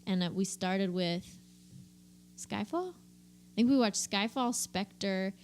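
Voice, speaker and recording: A woman's voice: medium pitch, slow pace, a little mellow, a little hiss or hum. A young adult woman, a comedian, chatting casually on a podcast, laughing often and swearing offhand. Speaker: comedian guest.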